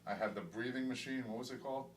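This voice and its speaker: A middle-aged man speaks earnestly in a candid patient testimonial, stumbling and repeating words, swinging from low and quiet to loud and excited. His voice sits at an ordinary pitch and is caught from a distance in a hospital room, with a faint hiss underneath. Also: fast talker, roomy sound. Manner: emphatic, stumbling repetitions, grows excited and loud. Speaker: weight-loss surgery patient.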